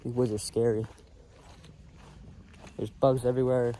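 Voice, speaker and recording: On a walk in the woods, a young man records a phone vlog in a flat, unhurried delivery, his medium-pitched voice dark in tone. The pep talk is rambling, earnest, and crude with slang, and a little hiss or hum mixes with faint birds and insects.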